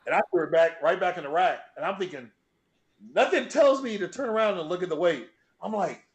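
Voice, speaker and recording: A man's voice: high voice, fairly quick. A middle-aged man, a guest on an interview show, telling a story in a loose, profane way and acting out the moments as he goes. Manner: animated, profane, acts out scenes. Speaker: guest, bench press record holder. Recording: roomy echo.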